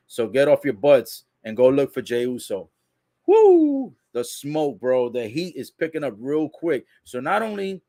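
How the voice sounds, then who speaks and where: Man, mid-pitch, casual slangy vlogger recapping news, close dry mic. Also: no echo. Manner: excitable, slangy, retells dialogue in quotes. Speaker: wrestling commentary vlogger. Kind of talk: casual live commentary recap.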